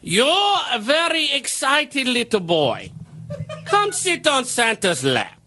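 A man's voice: very high voice, wildly swooping pitch, takes it slowly, bright, forceful tone, slight background noise, full character voice. A male radio host voicing a stern, bossy Santa Claus with a put-on German accent, barking orders in a mock-military tone. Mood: commanding. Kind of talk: comedy radio bit.

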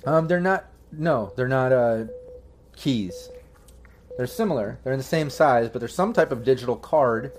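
A man narrating as game master in a tabletop role-playing game, rambling and filling pauses with "um" and "like" as he describes scenes. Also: mid-range voice, expressive, a little hiss or hum. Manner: rambling, full of fillers and restarts.

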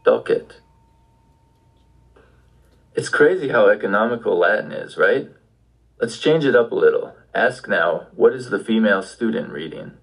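A man's voice: lowish voice, lively intonation, a little slow, pauses often, breathy edge, poor audio. A man giving an audio language lesson, patiently prompting the listener with questions. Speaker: language teacher.

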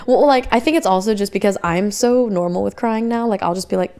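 A woman's voice: medium pitch, brisk, dark tone. A young adult woman co-hosting a podcast in casual chat, candid and teasing, laughing often. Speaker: podcast co-host.

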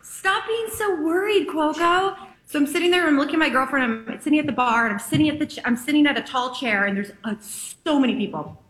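A woman's voice: high voice, very fast, few pauses, a bit bright, echoey room, poor audio. A woman telling a funny anecdote, acting out her own reactions with big jumps in her voice. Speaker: guest telling a story. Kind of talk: animated anecdote.

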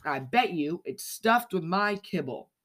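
A storyteller voicing an excitable, bossy female dog in a children's storybook, high and emphatic. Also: a little slow. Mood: indignant.

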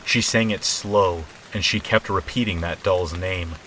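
A man with a very deep voice reads a scary story aloud, calm and measured. Soft rain patters faintly behind him. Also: slight background noise, low-quality recording. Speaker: horror story narrator. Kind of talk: scripted narration.

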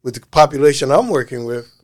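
A man, a life coach, telling stories in a casual interview; he is animated, laughs often and uses slang. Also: medium pitch, fast.

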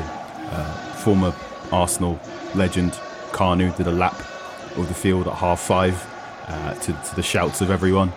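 A British man working as a football journalist, telling a story in a relaxed, conversational way with many fillers and restarts. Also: low voice, measured pace, noisy background. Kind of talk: conversational reporting.

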